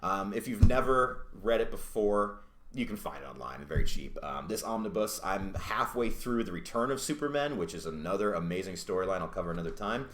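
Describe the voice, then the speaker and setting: A lower-voiced man talks through a comic book review in a loose, rambling way. He swears freely and restarts his sentences often. His voice rings in a roomy indoor space. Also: sing-song, a little fast, a little hiss or hum. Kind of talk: casual video review. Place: indoors at home. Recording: roomy echo.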